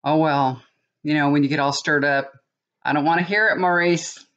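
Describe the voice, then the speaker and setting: A woman's voice: sits low, fairly even intonation, moderate pace, fairly bright tone, dull audio. A middle-aged woman, chatting casually to her viewers and telling a story, often repeating phrases for emphasis. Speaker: tarot reader and vlogger. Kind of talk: casual chat to camera.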